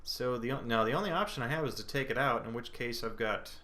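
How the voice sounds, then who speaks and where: A man's voice: medium pitch, fast talker, pushed and bright. A young man commenting on his own card game as he plays, thinking aloud and hesitating between moves. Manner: thinking aloud, hesitant, with playful put-on panic. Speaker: gameplay commentator. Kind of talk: casual gameplay commentary. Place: indoor room at home, planes passing overhead.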